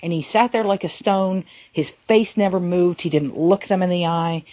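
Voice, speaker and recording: A woman with a low voice speaks earnestly on a faith podcast. She talks in halting phrases, restarting her sentences as she works through a thought. The sound is close and dry. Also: fairly even intonation, mellow, no room sound. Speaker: podcast co-host. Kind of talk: reflective faith podcast talk.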